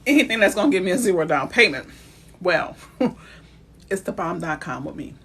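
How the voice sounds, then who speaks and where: Bright-voiced chatty woman realtor. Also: on the low side, animated, a little fast, vocal fry, slightly rough. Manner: chatty and direct, greets viewers by name. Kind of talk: live-stream talk on building credit.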